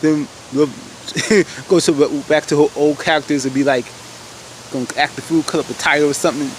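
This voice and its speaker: A man casually recapping a TV episode, animated, exclaiming and laughing as he retells the scenes. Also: fairly high pitch, normal speed, slight background noise. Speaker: TV episode reviewer.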